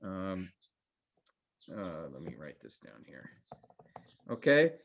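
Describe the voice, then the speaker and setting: Male teacher, relaxed and chatty, earnest, many ums and restarts. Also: sits low, takes it slowly. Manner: relaxed and conversational, with frequent fillers and restarts; earnest, cautionary. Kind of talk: informal class lecture.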